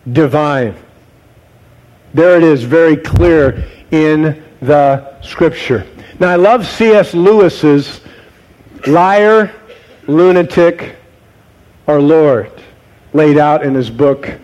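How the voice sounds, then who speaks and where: A man preaching a sermon, posing rhetorical questions to his congregation and dropping to low, quiet tones for emphasis. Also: rough recording. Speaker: pastor.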